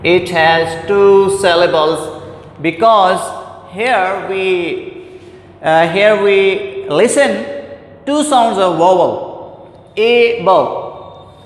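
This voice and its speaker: A man teaching a grammar lesson, repeating points and calling his class "my dear students". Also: high voice. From Pakistan. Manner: repetitive, deliberate, addresses "my dear students". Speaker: English teacher. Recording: echoey hall with faint background noise.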